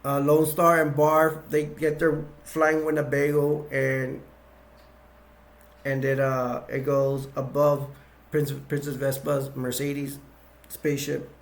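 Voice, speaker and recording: A man casually retelling movie scenes as a reviewer, halting and rambling with many restarts and chuckling as he goes. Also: medium pitch, monotone, creaky.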